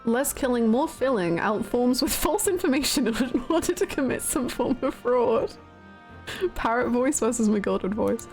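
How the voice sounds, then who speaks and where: A woman's voice: fairly high pitch, expressive, unhurried, darkish tone, soft background music. A woman streamer chatting casually with her live viewers, giggly and chatty.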